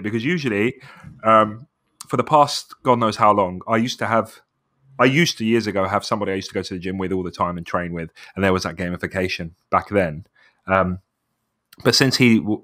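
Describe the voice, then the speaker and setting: Chatty man, low dry voice. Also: fairly quick, sharp tone, no echo. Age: 30s. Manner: chatty, rambling, says "bro" a lot. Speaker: podcast co-host. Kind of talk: casual chat.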